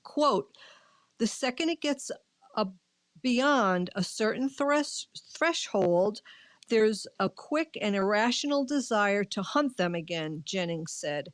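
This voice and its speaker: A woman's voice: mid-range voice, expressive, takes it slowly, no room sound. Indignant New York woman reading news. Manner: indignant asides, frequent fillers. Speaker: radio co-host. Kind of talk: reading news aloud with commentary. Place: radio studio.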